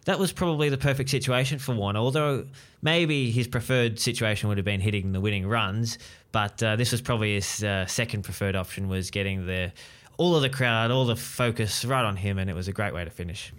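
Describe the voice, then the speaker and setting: A man hosting a sports podcast in a steady, measured presenter manner. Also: on the low side. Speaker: podcast host.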